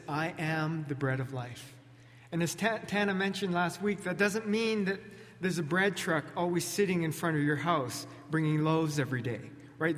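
Speaking into a pulpit microphone, a male pastor gives a relaxed, conversational sermon with small jokes and restarts. His voice is a little high for a man, and the large church sanctuary leaves a long reverb trailing each phrase.

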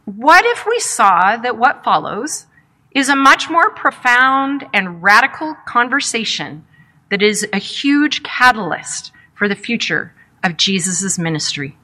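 A woman delivers a sermon with a reflective, measured pace, posing questions to her listeners as she retells a story. Her voice is very bright and sits somewhat high. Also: sing-song. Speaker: preacher.

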